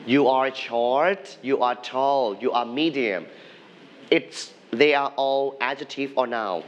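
A man leads a classroom English lesson, his voice of middle pitch. He speaks patiently and repeats each word for the class to echo. The recording is a little dull, with faint room noise behind him. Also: slow pace. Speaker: English teacher.

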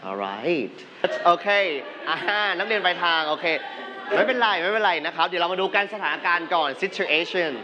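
A man's voice: high voice, lively intonation, racing, highs cut off, crowd noise. Thai man drilling a noisy class. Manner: prompting, has students repeat phrases back. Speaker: English teacher.

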